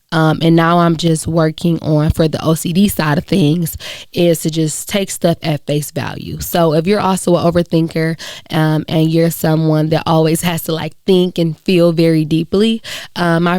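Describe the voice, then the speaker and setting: A woman's voice: low-pitched, darkish tone, clean tone, no echo, studio quality. A young adult woman hosting her solo podcast, talking in an earnest, encouraging way with frequent fillers. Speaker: podcast host. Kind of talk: reflective solo podcast talk.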